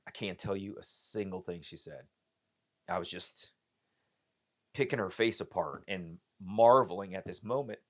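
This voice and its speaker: A middle-aged man, a podcast guest, telling a personal story in a lively way and acting out the voices of the people in it. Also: low voice, unhurried. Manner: animated, acts out the voices of people in his story.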